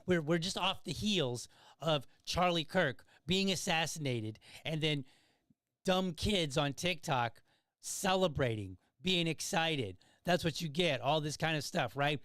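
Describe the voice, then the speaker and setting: In a dry, studio-quality recording, a man with a slightly high, somewhat bright voice hosts a casual commentary podcast. He's talkative, sarcastic, and wry, making chatty conversational asides to his listeners.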